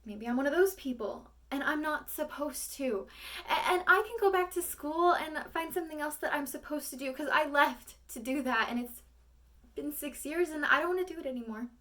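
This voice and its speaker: A woman's voice: high voice, lively intonation, a little fast, few pauses, sharp tone, far from the mic, pitched above the performer's own voice. A young woman performing a monologue as an insecure young actress, pleading and close to tears. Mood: resigned.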